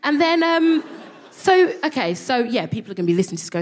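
Husky London woman doing live stand-up. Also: sits high, fast. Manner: animated storytelling, acts out quoted voices. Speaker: comedian co-host. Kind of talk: stand-up comedy set. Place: live theatre with audience.

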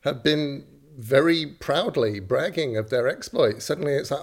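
A middle-aged man talking at an easy middle pitch as a comedy guest. He rambles through his answers with dry, deadpan asides and soft chuckles. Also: normal speed. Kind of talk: improvised comedy chat.

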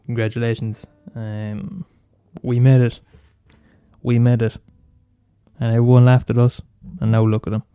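A man's voice: medium pitch, flat delivery, a little slow, dark tone, clean tone, no echo, highs cut off, faint music behind. An Irish man hosting a solo comedy podcast, blunt and sweary, mocking himself and repeating lines for effect. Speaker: podcast host.

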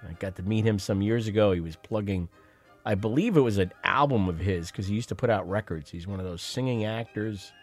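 A middle-aged man talks casually as a show host and mocks what he has just played. His voice sits a little low, with faint music underneath. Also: fairly quick. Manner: sardonic, mocking asides. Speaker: radio host. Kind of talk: casual political commentary over clips.

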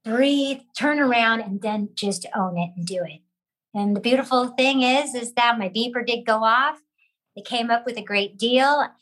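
An actress telling a lively story about her career, acting out other people's lines as she goes. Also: a little high, normal speed, rough recording. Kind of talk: animated storytelling with acted quotes.

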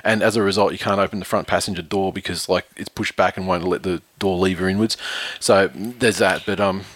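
A man's voice: sits low, steady tone, a little fast, fairly bright tone, no room sound. A man, telling a profane road-rage story with laughs on a podcast. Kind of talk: casual chat, storytelling.

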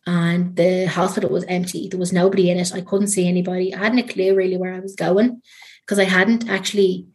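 A woman's voice: on the low side, flat delivery, a little fast, darkish tone. An Irish woman telling a personal story as an interview guest, chatty and full of ums and likes. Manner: chatty, many ums and likes, trailing fillers.

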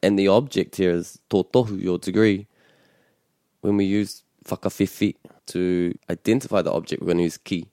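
Low-voiced New Zealand man teaching patiently. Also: steady tone, dark tone, no room sound, clean studio sound. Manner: patient, explains grammar slowly and models pronunciation. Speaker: te reo Māori teacher. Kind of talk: relaxed language lesson.

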